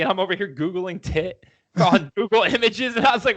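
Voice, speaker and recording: A man co-hosting a podcast, chatting casually, excitable, swearing and acting out little scenes. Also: high voice, moderate pace. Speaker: podcast co-host. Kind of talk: casual chat.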